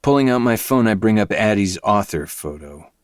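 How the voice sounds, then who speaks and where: A man reading a dark novel aloud in first person, with low, intense, brooding delivery. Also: lively intonation, moderate pace, no echo, clean studio sound. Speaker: podcast host reading a novel.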